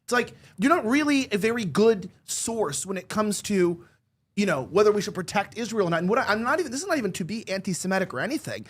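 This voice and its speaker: A woman's voice: mid-range voice, lively intonation, fast, husky. A woman hosting a political talk show, ranting angrily with heavy emphasis and repeated words. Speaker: political commentary host. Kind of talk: heated political chat.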